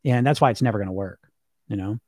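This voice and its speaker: A man's voice: lowish voice, fast, warm tone, no room sound, studio quality. A middle-aged man coaching on weight loss in a casual, emphatic monologue, full of fillers, casual swearing and questions to the listener. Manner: chatty, emphatic, repeats fillers, swears casually, laughs often.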